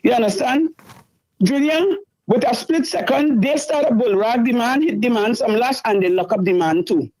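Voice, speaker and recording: A woman's voice: fairly high pitch, animated, moderate pace, darkish tone, low-quality recording. A middle-aged woman, telling a distressing story in a talk show and repeating herself as she goes. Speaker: caller. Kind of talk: emotional storytelling.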